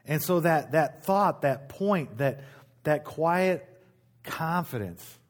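A man's voice: on the high side, animated, takes it slowly. A middle-aged man preaching a sermon as pastor, in a conversational way, repeating key phrases and restarting his sentences.

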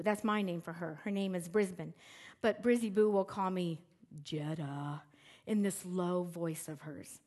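A middle-aged woman preaching a sermon in a church, talking casually to the congregation and acting out the quotes she reads. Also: medium pitch. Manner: conversational and animated, acts out quotes with shifting emphasis. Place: church sanctuary with screens.

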